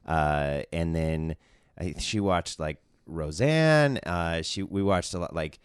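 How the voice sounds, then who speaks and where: A man hosting an interview podcast, chatting in a relaxed way with plenty of fillers. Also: low-pitched, slow pace, clean tone, no echo, studio quality. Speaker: podcast host. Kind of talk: casual interview chat.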